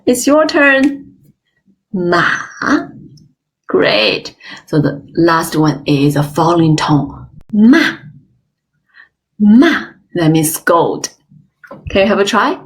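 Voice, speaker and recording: A woman teaching an online language class, modeling sounds slowly and with exaggerated tones, praising often. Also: deep voice, expressive. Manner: slow, careful, exaggerated tone demonstrations; encouraging, frequent praise. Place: online webinar.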